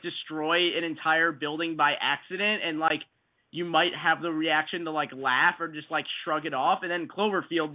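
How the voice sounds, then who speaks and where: Analytical man on a tinny line. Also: on the high side. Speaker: podcast panelist. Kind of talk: casual movie discussion. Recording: tinny phone-like lo-fi sound.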